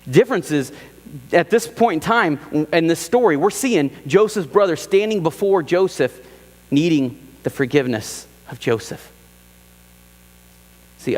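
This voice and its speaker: A male pastor delivers an animated sermon, voicing the people he quotes and driving points home by repeating them. His voice sits a little high. The sound carries a long church reverb with a steady mains hum underneath. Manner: animated preaching, acts out quoted voices, repeats phrases for emphasis. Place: church sanctuary.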